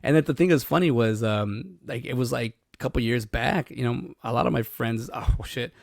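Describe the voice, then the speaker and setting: A man in his thirties, co-hosting a podcast in casual chat, telling stories quickly and swearing freely. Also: medium pitch, vocal fry, a little mellow, no echo, clean studio sound. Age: 30s. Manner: fast, swearing, storytelling. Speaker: podcast co-host.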